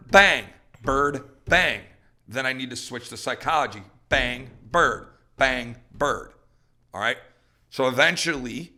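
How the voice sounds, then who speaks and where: A middle-aged man, a dog trainer hosting a podcast, ranting with fired-up energy and acting out dogs and people in quick voices. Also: medium pitch, bright, forceful tone.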